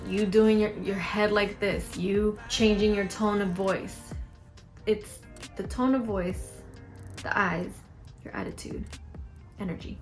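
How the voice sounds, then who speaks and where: Young female vlogger, mid-range voice, direct and animated, light background music. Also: medium pitch, gravelly. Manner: frank, animated, acts out quoted lines. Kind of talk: advice vlog to camera.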